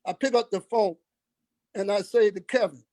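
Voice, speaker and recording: An older man with a high voice tells his stories with emphasis and acts out the lines of the people in them. He speaks as a guest on a podcast interview. The recording is close and dry. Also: steady tone, normal speed, darkish tone, dry recording. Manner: emphatic, acts out quoted dialogue. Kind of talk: storytelling interview.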